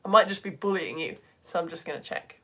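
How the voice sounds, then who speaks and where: A woman's voice: on the low side, fast, fairly bright tone. A woman from the UK hosting a live online lesson, chatting casually with viewers in a self-mocking, giggly, rambling way. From United Kingdom.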